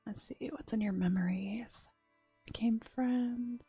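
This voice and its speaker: A woman streamer giving whispered gameplay commentary, softly murmuring to herself as she plays. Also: on the high side, fairly even intonation, takes it slowly, slightly rough, no echo, soft background music. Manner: soft murmuring to herself, often unvoiced whisper.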